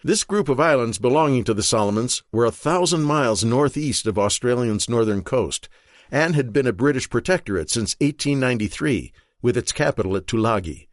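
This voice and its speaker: A man reading a thriller audiobook in a measured, steady narration. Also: mid-range voice, dry recording, clean studio sound. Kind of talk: scripted narration.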